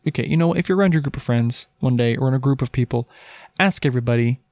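Man, podcast host, earnest Christian talk, rhetorical questions, mid pitch, dry sound. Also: fast, darkish tone, no echo. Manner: earnest, emphatic, rhetorical questions, frequent restarts. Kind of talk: casual Christian teaching monologue.

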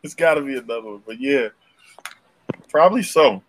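A young man, telling a slangy, animated story on a casual podcast and leaping up in pitch for punchlines. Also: normal speed, slight background noise. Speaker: podcast co-host.

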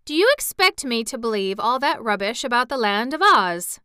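A woman voicing a cross, haughty yellow hen in a storybook reading, snappish and scornful. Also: on the high side, very animated, moderate pace, smooth, no room sound, studio quality, pitched above the performer's own voice.

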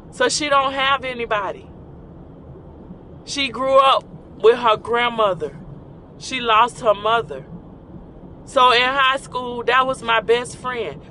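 Bright-voiced woman telling a story. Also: fairly high pitch, slow pace, long pauses, a little hiss or hum. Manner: conversational, repeats key lines for emphasis. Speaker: speaker sharing personal stories. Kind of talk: casual personal storytelling.

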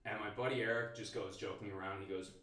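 Low-voiced man telling a story, echoey room. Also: fairly even intonation, quick pace, fairly bright tone. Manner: swears a lot, fills with "like". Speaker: podcast guest, stand-up comedian. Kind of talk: casual storytelling. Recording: echoey room, distant mic.

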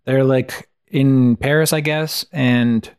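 A man's voice: medium pitch, fairly even intonation, slow pace, a little mellow, clear, resonant tone. A man co-hosting a casual podcast, wryly summing up reviews and a plot with lots of filler words. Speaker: podcast co-host.

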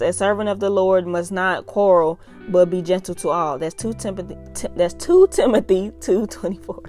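A young adult woman, earnestly reading and talking through scripture in a casual devotional vlog. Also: lowish voice. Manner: earnest, emphatic, repeats "y'all". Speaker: faith vlogger reading devotional.

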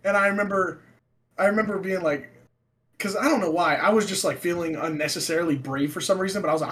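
Bright high-voiced young man telling stories. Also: fast talker. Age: young adult. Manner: swearing, laughing, acts out quotes loudly. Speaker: storyteller. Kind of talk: casual chat.

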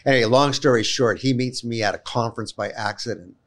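A man, a guest telling personal stories in an animated, emphatic way, often repeating words as he gets going. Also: mid-range voice, fairly quick. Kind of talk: personal storytelling in a conversation.

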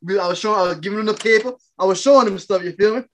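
A man hosting a casual podcast, telling a rowdy story with loud animated bursts and laughter. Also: high voice, very fast. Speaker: podcast host.

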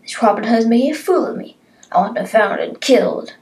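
A woman voicing a scheming, vengeful male sheriff who talks loud and blustering. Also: a little high, lively intonation, fairly quick, distant mic, voice pushed up, rough recording. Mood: furious.

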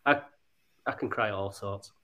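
A man's voice: lowish voice, moderate pace, a bit bright. A man on a podcast panel chatting casually, self-deprecating and laughing as he talks. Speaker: guest panelist. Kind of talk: casual chat.

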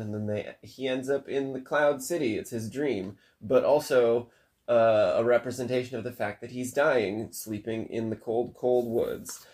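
A man's voice: medium pitch, normal speed, darkish tone. Man, casual storyteller: long run-on recap, loose, a bit profane. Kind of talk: casual chat.

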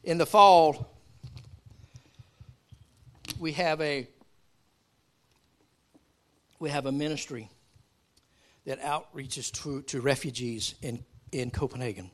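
A male pastor preaching a sermon, telling a story in a calm tone before building to raised, emphatic preaching. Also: mid-range voice, takes it slowly, pauses often.

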